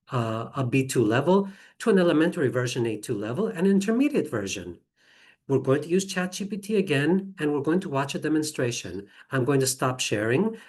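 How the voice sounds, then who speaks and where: Speaking in a low voice through a computer mic, a woman teacher trainer gives an online presentation while sharing her screen. She is chatty and enthusiastic, tossing in quick apologetic asides.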